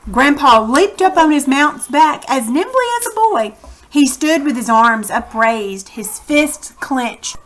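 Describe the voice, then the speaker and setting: A woman teacher reads a story aloud to her students, pausing to explain words and set up the lesson. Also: sits high, bright, forceful tone, a little hiss or hum. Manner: slow, careful, explanatory teacher talk.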